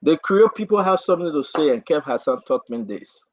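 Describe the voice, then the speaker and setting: A man hosting a talk show, giving impassioned, repetitive political commentary in a husky, gravelly voice. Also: on the high side, brisk, no echo. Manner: repetitive, rising to animated outbursts. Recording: dry, dull lo-fi audio.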